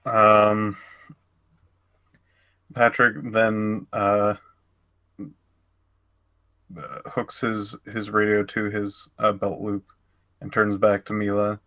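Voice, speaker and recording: A man narrating his character's actions in a tabletop game, pausing often and hesitating. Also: lowish voice, monotone, sharp tone. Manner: hesitant, many fillers. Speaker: player. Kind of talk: tabletop role-play narration.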